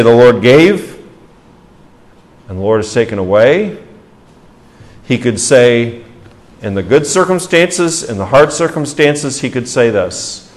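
A man preaching a sermon in a mid-range voice. He pushes his pitch up to stress key words, then lets phrases fall low and quiet at the ends. He keeps putting rhetorical questions to the congregation. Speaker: pastor.

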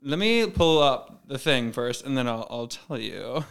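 A man's voice: medium pitch, lively intonation, unhurried, gravelly, fairly bright tone, clear, resonant tone. A man co-hosting a podcast, chatting casually and playfully, often laughing and trying out posh accents. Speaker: podcast co-host. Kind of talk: casual chat.

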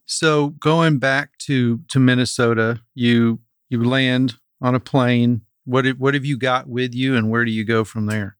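A man hosting a podcast, asking halting questions full of restarts and laughing along with his guest. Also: mid-range voice, fairly even intonation, clean tone, no echo, clean studio sound. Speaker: podcast host. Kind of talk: casual interview.

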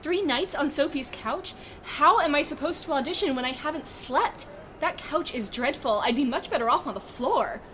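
Storybook reading of a jittery teen girl scolding herself under her breath, voiced by a woman, her higher voice swinging widely and rising sharply on each worry. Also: animated, normal speed, a bit bright, slight background noise. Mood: weary. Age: teens. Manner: anxious, self-scolding inner monologue. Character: nervous seventeen-year-old girl going to an audition.

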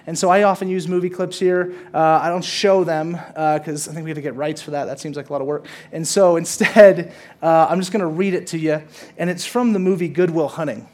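A man's voice: on the high side, normal speed, a little mellow. A man preaching a sermon in a casual, chatty way, often checking in with the congregation. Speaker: pastor.

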